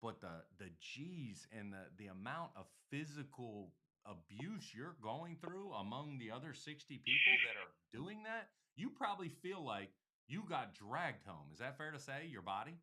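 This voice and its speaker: A man's voice: mid-range voice, very animated, moderate pace, bright, forceful tone. A man hosting a casual talk show, telling rambling, profane stories. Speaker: podcast host. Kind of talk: casual chat.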